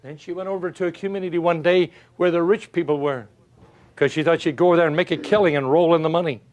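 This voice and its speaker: An older man giving a motivational talk, telling folksy stories and asking rhetorical questions, swinging from loud to hushed. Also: a little high, steady tone, quick pace. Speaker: motivational speaker. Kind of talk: motivational speech.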